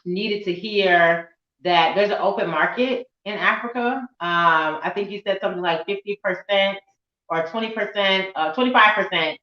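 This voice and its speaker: A woman interviewing a guest in a loose, rambling way, quick to laugh. Her middling voice comes through a roomy space with a muffled, dull sound. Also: medium pitch. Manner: chatty, rambling, laughs easily. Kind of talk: casual interview conversation.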